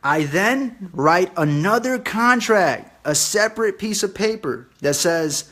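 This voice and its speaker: A man's voice: high voice, expressive, takes it slowly, hardly any pauses, sharp tone. A young man casually explaining a real estate deal, loose and profane as he sketches it out. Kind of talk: casual whiteboard tutorial.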